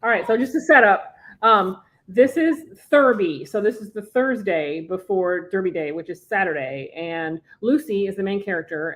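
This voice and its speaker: A woman author reading aloud from her own novel at home as a podcast guest, after a relaxed, chatty setup. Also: on the low side.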